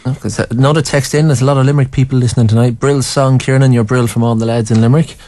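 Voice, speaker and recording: Fast-talking, joking male radio host. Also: mid-range voice, steady tone, dark tone. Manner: joking, teasing banter. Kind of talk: live radio interview.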